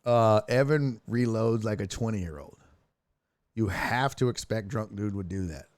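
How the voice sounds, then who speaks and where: A man's voice: fairly low pitch, unhurried, no echo. A man hosting a live sports stream, ranting and laughing his way through tweets in casual, profane chat. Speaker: streaming sports show host.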